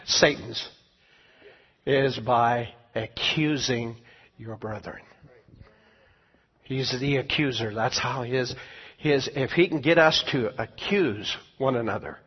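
A man preaching a sermon as pastor and teacher, speaking emphatically and swinging between quiet and loud passages. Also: medium pitch, breathy edge. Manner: emphatic preaching, rising and falling in volume. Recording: dull lo-fi sound with long hall reverb.

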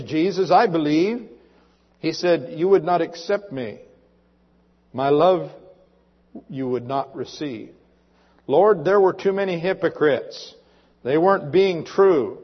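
A man preaches a sermon in a church, reading a dramatic poem with earnest feeling. His voice sits somewhat high, and the muffled recording carries a long reverb from the sanctuary.

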